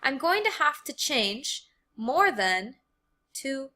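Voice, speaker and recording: Slow, bright-voiced American woman teacher. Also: high voice, big pitch swings. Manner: slow, careful explaining, repeating words for learners. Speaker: English teacher. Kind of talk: grammar lesson.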